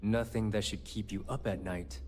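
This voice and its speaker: A man voicing a self-assured pirate-crew money handler in a video game, speaking in a smooth, smug, explanatory way. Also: fairly low pitch, fairly even intonation, moderate pace, darkish tone, slight background noise, natural voice.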